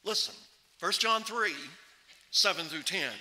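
A man preaching a sermon at a microphone in a church, emphatic and slowing right down to stress scripture. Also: high voice, animated, bright, forceful tone. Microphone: microphone on a stand. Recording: long hall reverb from a church.

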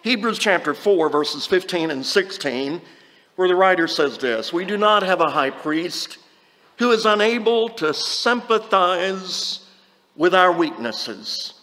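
High, bright-voiced male preacher in a hall. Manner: conversational, with scripture readings and restarts. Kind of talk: sermon.

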